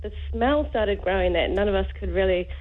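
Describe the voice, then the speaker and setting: A New woman calling in to a radio show, telling a travel story in a rambling, hesitant way. Her mid-pitched voice comes through a thin, tinny phone line. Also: brisk. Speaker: caller.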